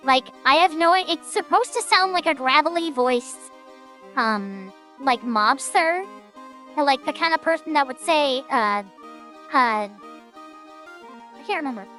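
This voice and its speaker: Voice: sits high, expressive, unhurried, long pauses, bright, forceful tone, faint music behind. A streamer talking through a voice-changer filter that makes them sound childlike, rambling and self-deprecating in casual gameplay commentary.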